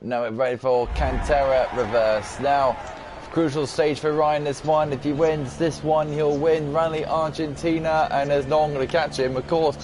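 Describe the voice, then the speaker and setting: Brief: male race commentator, higher voice, sore throat, excitable, noisy background. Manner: excitable, quick to exclaim. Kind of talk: excited sim racing commentary.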